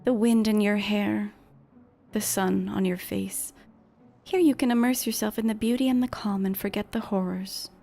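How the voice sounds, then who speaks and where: A woman voicing a solemn, shadowy male spirit in whispered role-play, breathy and gravelly. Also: mid-range voice, steady tone, normal speed, dark tone.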